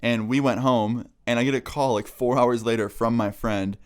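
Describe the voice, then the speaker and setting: A man's voice: medium pitch, fairly even intonation, normal speed, clean tone. A young man vlogger telling a funny story in a casual, laughing, swear-filled way.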